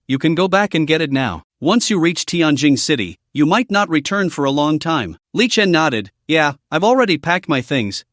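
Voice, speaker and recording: Lively male recap narrator, dry close sound. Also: fairly high pitch, no echo. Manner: reads all figures in near the same voice. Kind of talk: scripted narration of a comic recap.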